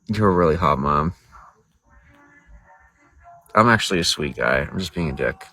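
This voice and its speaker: A man's voice: low voice, animated, normal speed, sharp tone, no room sound, faint music behind, poor audio. A man livestreaming to viewers in casual talk, crude, boastful and rambling. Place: outdoors by a road.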